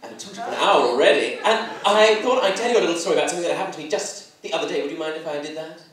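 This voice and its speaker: A man's voice: fairly high pitch, rapid-fire. A young man doing a stand-up comedy set, camp and self-deprecating in an arch manner. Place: comedy club stage before a live audience. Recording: echoey hall mic from far off, audience laughter. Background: crowd laughing.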